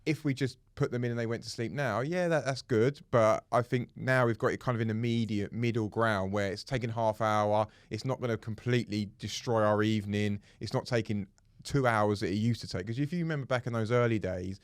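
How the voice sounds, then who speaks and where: A man's voice: lowish voice, brisk, clean tone, dry recording, studio quality. Rambling man on a podcast. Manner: rambling, many restarts. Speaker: podcast co-host. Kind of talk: casual chat.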